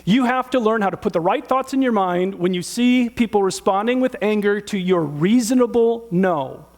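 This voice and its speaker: Middle-aged male pastor, higher-pitched, conversational animated sermon delivery with rhetorical questions. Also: normal speed.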